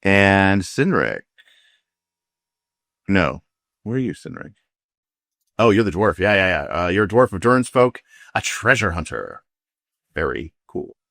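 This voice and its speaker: Casting: low-pitched male game master, loose and rambling, dry close sound. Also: very animated, unhurried, vocal fry, long pauses, fairly bright tone, no echo. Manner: rambling, many fillers and restarts. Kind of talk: casual tabletop game chat.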